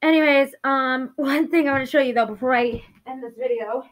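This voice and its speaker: A woman's voice: high-pitched, a little fast, rough recording. A young woman vlogging at home, emotional and apologetic, talking through tears. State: crying. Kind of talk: casual talk to camera.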